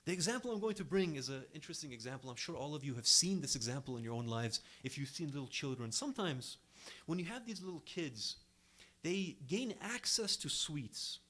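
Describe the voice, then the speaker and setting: A man's voice: a little high, animated, fairly quick, sharp tone. A young man giving a sermon to a congregation in an earnest, emphatic way, his voice rising and dropping sharply to stress each point. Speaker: speaker at an Islamic center.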